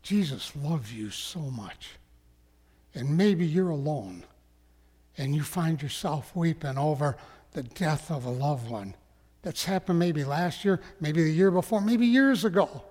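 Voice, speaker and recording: Slow-preaching man in an echoing hall. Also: a little high, animated. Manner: slow, emphatic preaching that drops to hushed tones. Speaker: pastor. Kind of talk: sermon.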